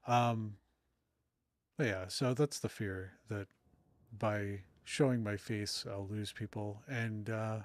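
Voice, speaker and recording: A middle-aged man, a streamer and author, chats casually with his live-stream audience while he plays, rambling and poking fun at himself. His voice is on the low side and steady, his pace slow, and the recording dry.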